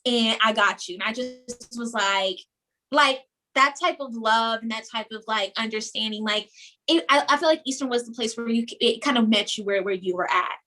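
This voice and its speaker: A young woman from New York, a guest telling stories in a casual interview, animated and often repeating words. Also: a little high, moderate pace. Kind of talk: casual chat.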